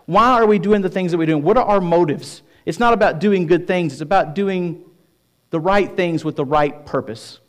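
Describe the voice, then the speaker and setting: A man's voice: sits high, normal speed. A middle-aged male pastor from Tennessee preaching a sermon, telling stories with self-deprecating humor and emphatic repetition.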